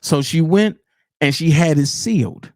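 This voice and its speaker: A man's voice: a little high, unhurried, darkish tone, no room sound, clean studio sound. A man hosting a livestream, ranting bluntly with heavy profanity. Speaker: livestream commentary host. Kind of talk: unscripted commentary rant.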